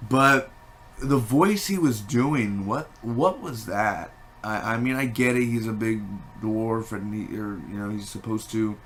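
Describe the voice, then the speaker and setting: Rambling low-voiced man reviewing a film. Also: unhurried, a little hiss or hum. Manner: rambling and animated, many fillers and restarts. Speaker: movie reviewer. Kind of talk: casual spoken film review.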